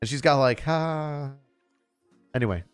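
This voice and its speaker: A man's voice: medium pitch, expressive, moderate pace, loud music behind the voice. A man streaming a reaction to a comedy special, ranting in a sarcastic, exasperated way with lots of fillers and swearing. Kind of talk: casual reaction commentary.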